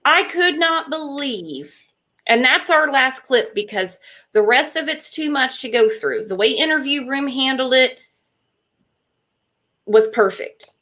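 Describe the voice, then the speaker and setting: A woman's voice: high voice, lively intonation, a little slow, sharp tone. A woman co-hosting a casual true-crime discussion, outspoken and sarcastic. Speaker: podcast co-host.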